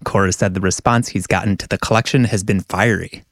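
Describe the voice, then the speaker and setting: A man filing a scripted radio news report in measured reporter narration. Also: deep voice, steady tone, dry recording, clean studio sound.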